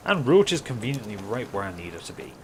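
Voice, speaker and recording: Chatty man with a lively voice. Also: fairly low pitch, fast, a little hiss or hum. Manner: chatty, rambling, self-mocking. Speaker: gaming YouTuber. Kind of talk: casual let's-play commentary. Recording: commentary over game music.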